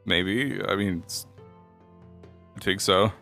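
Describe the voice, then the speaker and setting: A man's voice: deep voice, takes it slowly, bright, forceful tone, faint music behind. A man streaming, speaking in character in a roleplay with a hesitant, mumbling manner.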